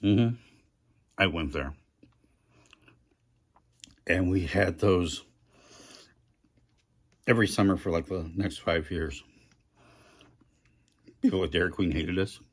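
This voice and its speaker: A man's voice: sits low, takes it slowly, long pauses, husky. A middle-aged man rambling through a casual food review vlog, chatty and self-deprecating, talking with his mouth full.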